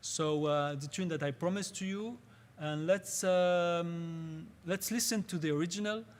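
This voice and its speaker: Male workshop teacher, slightly raised pitch, patient and halting, searching for English words. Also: a little hiss or hum. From Israel. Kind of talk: spoken workshop lecture.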